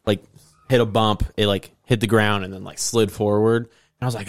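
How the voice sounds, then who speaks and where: Lowish-voiced man telling animated stories. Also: moderate pace, long pauses. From Indiana, US. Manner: animated storyteller who acts out quoted voices, swears casually. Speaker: podcast guest. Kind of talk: casual chat.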